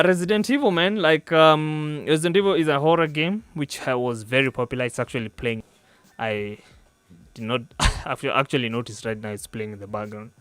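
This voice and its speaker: A man's voice: mid-range voice, a bit bright, clean tone. A young man with a Kenyan accent hosting a casual podcast, joking and laughing often. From East Africa. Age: young adult. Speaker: podcast host.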